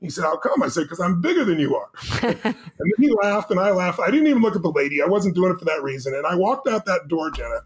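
A middle-aged man tells a personal story as a podcast guest, his voice rising and then dropping low. He talks quickly and in a fairly high register for a man. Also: animated. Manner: intense storyteller, swings between loud and hushed. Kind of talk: telling a personal story in an interview.

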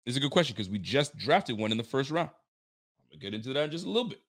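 A young man hosting a sports fan livestream, ranting with animated energy, swearing freely and repeating catchphrases. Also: medium pitch, fast talker. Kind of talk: casual fired-up sports commentary.

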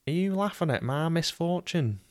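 A man's voice: fairly high pitch, lively intonation, normal speed, voice pushed up, natural voice. A man putting on the voice of an aggressive young lad from Manchester, with a Manchester accent and a snarling, confrontational manner. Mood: sneering. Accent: Manchester, put on.

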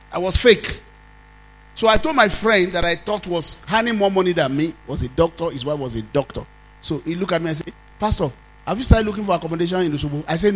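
A Nigerian pastor with a fairly high voice tells a lively story from the pulpit. He jumps from loud, high outbursts down to quiet asides, and faint music plays under his preaching. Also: poor audio. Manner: animated, swings from loud exclamations to low asides, acts out laughter. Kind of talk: storytelling sermon.

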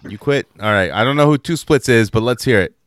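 A man's voice: mid-range voice, animated, quick pace, a bit bright. A man hosting a casual comedy podcast, taking calls and laughing often. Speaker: podcast host.

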